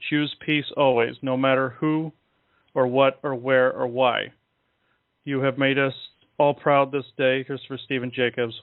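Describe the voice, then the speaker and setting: A wise male spirit guide, as a man puts him on, speaking in a measured, formal way. His pitch barely moves, and the sound is dry and tinny, like a phone call. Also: clear, resonant tone, no room sound, lightly acted.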